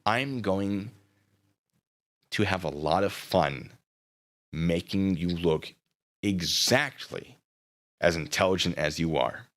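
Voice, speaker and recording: A man's voice: takes it slowly, long pauses. Sarcastic man hosting a livestream. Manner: mocking, sarcastic; lively, swinging pitch. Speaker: livestream host. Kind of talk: livestream commentary.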